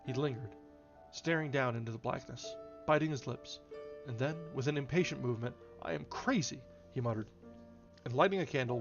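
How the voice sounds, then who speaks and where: A man reading a novel aloud in a measured way, now and then correcting a slip. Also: mid-range voice. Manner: measured, occasional self-corrections. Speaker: reader. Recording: slightly dull, faint music behind.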